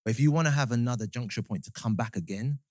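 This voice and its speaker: A man with a Southampton English accent talks quickly and with animation in a relaxed podcast chat. He acts out other people's lines as he tells stories and often repeats words while finding his thought. The sound is close and dry. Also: mid-range voice, no room sound. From England. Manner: animated storyteller, acts out quotes, repeats words when starting. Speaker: guest singer.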